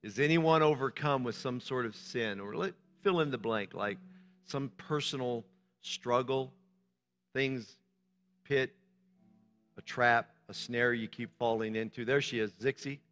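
Bright-voiced pastor in a reverberant hall. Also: male voice, mid-range voice, a little slow, faint music behind. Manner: informal, encouraging, short questions to the congregation. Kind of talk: sermon. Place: church hall.

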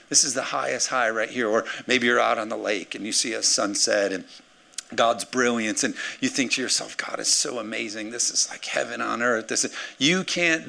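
A man, the pastor, preaching a lively sermon to his congregation, with playful acted asides. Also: medium pitch, vocal fry.

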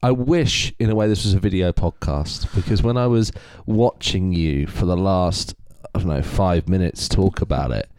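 Laid-back male co-host, deep voice, dry sound. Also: normal speed, hardly any pauses, clear, resonant tone, dry recording. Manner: relaxed and supportive. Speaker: podcast co-host. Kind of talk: casual podcast chat.

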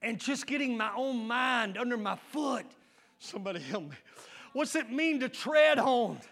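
Fervent pastor, male, bright piercing voice, preaching style. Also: very high-pitched, lively intonation, measured pace. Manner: shouting, fervent preaching with call-and-response. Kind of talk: sermon.

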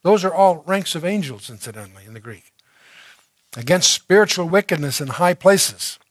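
Guy doing a bible study talk, kinda high voice, reads the verses then explains, lots of uhs and restarts, dry close sound. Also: expressive, normal speed, dry recording. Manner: conversational, with fillers and restarts. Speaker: Bible teacher.

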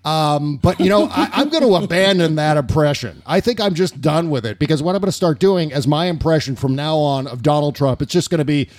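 A man hosting a political comedy podcast, rambling and profane and quick to laugh. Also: on the high side, lively intonation, darkish tone, dry recording. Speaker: podcast host. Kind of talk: casual political comedy chat.

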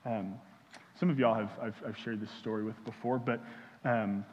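Halting young man preaching in a hall. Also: lowish voice, fairly even intonation, darkish tone, slight background noise. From Houston, Texas. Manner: halting, many fillers and restarts. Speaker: pastor. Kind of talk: sermon. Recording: dull sound in a reverberant hall.

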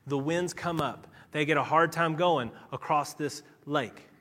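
A male pastor preaching a sermon and leading prayer, swinging between loud urgency and hushed softness. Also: a little high, measured pace. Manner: leads prayer.

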